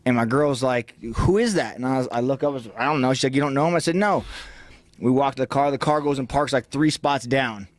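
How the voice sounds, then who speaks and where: A man telling a story as an interview guest, in a brash, energetic way and with plenty of swearing. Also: medium pitch, a little fast, dry recording, studio quality. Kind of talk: casual storytelling.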